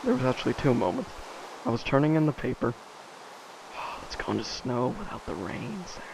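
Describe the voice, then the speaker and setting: Creaky-voiced man rambling casually. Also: mid-range voice, big pitch swings, moderate pace, noisy background. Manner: rambling, many fillers, self-interrupting asides. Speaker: vlogger.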